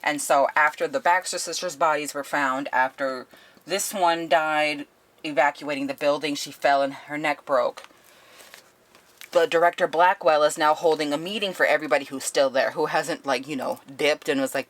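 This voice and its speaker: Animated, swearing woman reviewing a book. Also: low voice, moderate pace. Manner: animated, profane, laughing often.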